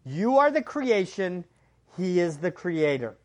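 Pastor, male, high voice, slow deliberate sermon delivery with big dynamic swings. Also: big pitch swings. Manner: preaching with sweeping swings between quiet and loud.

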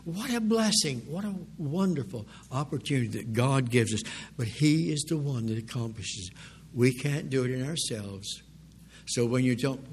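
Husky older man preaching earnestly. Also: mid-range voice, normal speed. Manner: earnest, animated storytelling with exclamations. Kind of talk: sermon with missionary stories.

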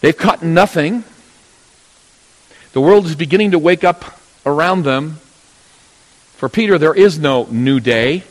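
A man preaching a sermon, telling a Bible story and acting out its characters in sudden loud bursts. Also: fairly high pitch, measured pace, pauses often. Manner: storytelling, acting out voices of biblical figures with sudden loud rises. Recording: long hall reverb.

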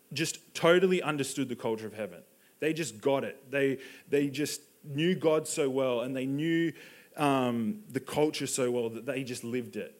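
A young man giving a sermon, telling Bible stories in a conversational way and acting out the characters' lines. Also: medium pitch. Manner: conversational storytelling, acts out Bible dialogue. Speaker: preacher.

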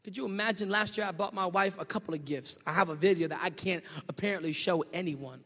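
A male pastor preaching a sermon, telling a story and swinging from shouting to hushed tones. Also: sits high, quick pace. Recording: echoey hall.

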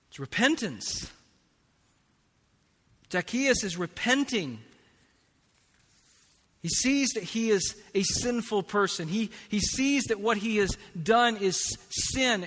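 Male pastor, high bright voice, slow deliberate sermon delivery; reverberant sanctuary. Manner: slow, emphatic preaching with big swings in loudness. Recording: long reverb of a large hall.

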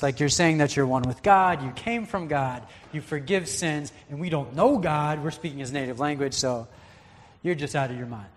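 A man's voice: a little high, moderate pace. A man preaching a conversational, earnest sermon as a pastor. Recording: long hall reverb.

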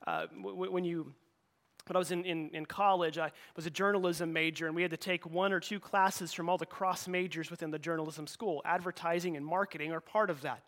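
A man with a notably high-pitched voice delivers a sermon to his church. He talks in a relaxed, conversational way, often repeating words and restarting his sentences as he goes. He sounds middle-aged. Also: fairly quick. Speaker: pastor. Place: church sanctuary.

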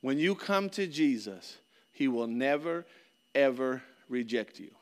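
A man's voice: medium pitch, expressive, a little slow. Earnest preaching man in a reverberant hall. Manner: earnest, conversational preaching with repeated phrases. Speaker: pastor. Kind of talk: sermon.

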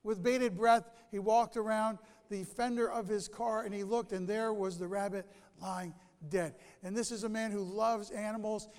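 A male pastor preaching a sermon, telling stories with animated delivery and dramatic pauses. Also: sits high, big-room sound.

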